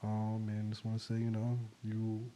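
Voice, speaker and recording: Dark-voiced man hosting a laid-back chat. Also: lowish voice, normal speed. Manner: relaxed, rambling, many fillers. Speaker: podcast host. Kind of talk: casual chat.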